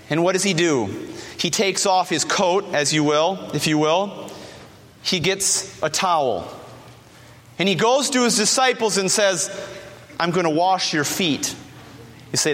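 A man's voice: a little high, sharp tone. A middle-aged man preaching a sermon as pastor, emphatic, repeating his key phrases, recorded in a church. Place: church sanctuary. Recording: long reverb of a large hall.

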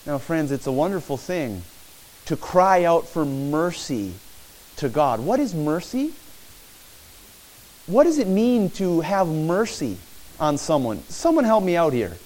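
High-pitched man preaching a sermon. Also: measured pace, poor audio. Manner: animated preaching, acting out pleading cries. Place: church.

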